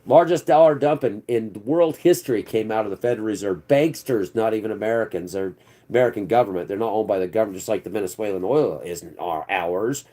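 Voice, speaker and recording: A man's voice: fairly low pitch, fairly quick, mellow. Man ranting, sarcastic and profane. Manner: rambling, sarcastic, profane, heated. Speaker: political commentary channel host. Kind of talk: off-the-cuff political rant.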